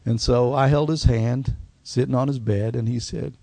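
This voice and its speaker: A middle-aged man, a pastor telling his life story in a sermon, folksy and going quiet at the emotional parts. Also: medium pitch, fairly even intonation, normal speed, vocal fry, dry recording. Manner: folksy storytelling, drops to a hushed voice at emotional points. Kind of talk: personal testimony sermon.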